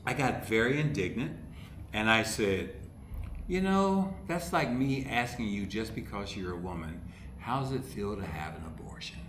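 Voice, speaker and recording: In relaxed storytelling chat, a male comedy writer from Ohio animatedly acts out the people in his stories as a podcast guest. His lowish voice runs at normal speed, captured in an echoey room with faint background noise.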